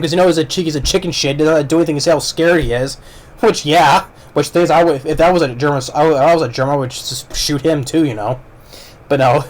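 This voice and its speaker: Male reviewer with a slightly high voice, loose and chatty, rambling through plot points with frequent ums and restarts. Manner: rambling plot retelling with many fillers and restarts. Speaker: movie reviewer. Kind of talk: casual movie review.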